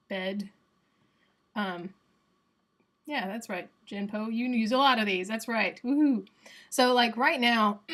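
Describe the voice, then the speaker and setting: Her mid-range voice is bright and forceful as this young Southern US woman casually teaches phonetics on a livestream. She's chatty and playful, demonstrating sounds out loud.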